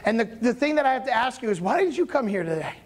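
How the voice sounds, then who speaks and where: A man preaching a sermon in a casual, conversational storytelling manner, with sudden loud bursts of emphasis. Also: extremely high pitch, sing-song, fast. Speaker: pastor.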